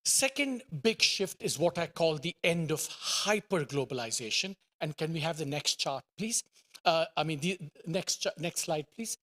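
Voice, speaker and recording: A middle-aged economist presents on a conference panel. His voice sits a little high for a man, and he starts sentences haltingly, full of fillers. He hammers points home by repeating words. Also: lively intonation, sharp tone. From India. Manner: hesitant starts with many fillers, emphatic repetition.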